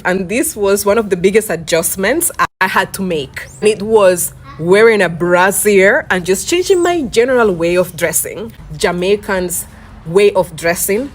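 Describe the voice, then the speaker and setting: A woman from Cuba with a somewhat low voice talks in a candid, anecdotal way. Her storytelling is relaxed and conversational. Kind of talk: casual storytelling.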